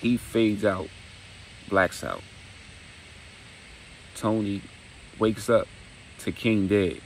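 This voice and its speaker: Storyteller: man, gravelly low voice, animated retelling with sound effects. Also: drawn-out words, a little hiss or hum, low-quality recording. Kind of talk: casual spoken storytelling.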